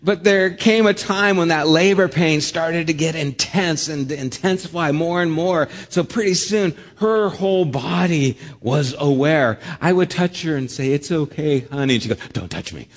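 A man preaching a sermon, telling a lively personal story with humor, then dropping soft and low for solemn points. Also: normal speed, hardly any pauses, long reverb tail. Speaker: pastor.

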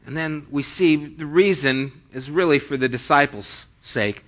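A man's voice: on the high side, normal speed, few pauses, a bit bright, dull audio. A man preaching a sermon as pastor, reading scripture aloud and then retelling it in plain everyday speech.

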